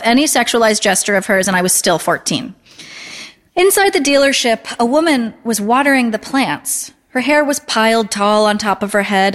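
A woman in her thirties reads a literary first-person story in a dry, deadpan, understated way. Her voice sits at an ordinary middle pitch, and a long reverb rings out after every phrase. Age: 30s. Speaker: narrator.

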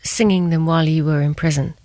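A woman's voice: deep voice, fairly even intonation, brisk, mellow, dry recording. A woman interviewer asking direct, probing questions.

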